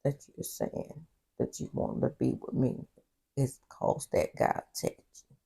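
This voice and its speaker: A woman voicing a hurt, weary man who pleads quietly with his partner, in a soft, breathy voice. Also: a bass voice, wildly swooping pitch, unhurried, voice pushed down, heavily acted. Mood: pleading.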